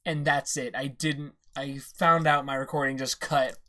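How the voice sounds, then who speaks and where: A reaction-video host in casual commentary who reads comic dialogue aloud, rants excitedly and swears freely. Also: mid-range voice, normal speed.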